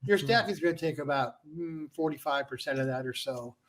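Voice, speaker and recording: A man, a franchise founder and guest, explaining his business in a casual interview and filling pauses with "you know". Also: a little high, over a noisy crowd. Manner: conversational, filler-heavy with frequent "you know".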